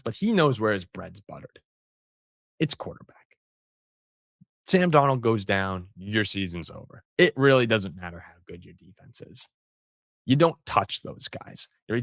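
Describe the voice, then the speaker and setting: A man's voice: medium pitch, a bit bright, dry recording, clean studio sound. A man hosting a sports show, talking football in a casual, rambling way with frequent restarts.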